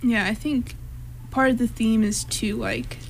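A woman's voice: on the high side, unhurried, a crowd in the background. A young woman from Texas co-hosting a college radio show, chatting casually with lots of "like" fillers and self-mocking jokes. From Texas, USA. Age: young adult. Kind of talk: casual chat.

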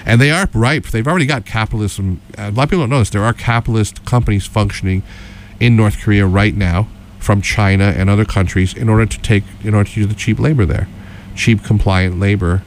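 A man's voice: on the low side, fairly quick, slight background noise. A middle-aged man co-hosting a political radio show, talking casually and rambling with many restarts and fillers.

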